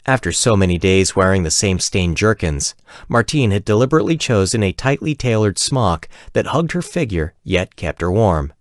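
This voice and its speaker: Low-voiced male audiobook narrator. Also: expressive, moderate pace, dry recording, clean studio sound. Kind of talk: scripted fantasy narration.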